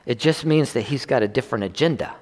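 A man's voice: mid-range voice, fast talker, darkish tone. A man preaching a sermon at a church service in a loose, conversational way, often restarting and swelling in emphasis. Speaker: pastor. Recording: long hall reverb.

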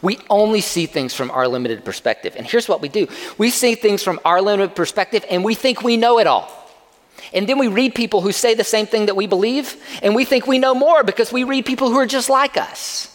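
A man preaching to his congregation in an easygoing, talky manner, circling back to repeat key lines. His voice sits a little higher than most men's. It hangs in a long reverb, as if in a large sanctuary. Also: animated, a little fast. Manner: conversational, repeats key phrases for emphasis. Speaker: pastor. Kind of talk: sermon.

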